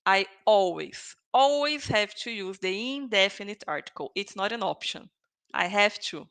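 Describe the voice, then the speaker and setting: A woman's voice: mid-range voice, lively intonation, moderate pace, a bit bright, clean tone. A woman with a Brazilian Portuguese accent teaching English vocabulary, patiently repeating phrases to drill pronunciation. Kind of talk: online vocabulary lesson.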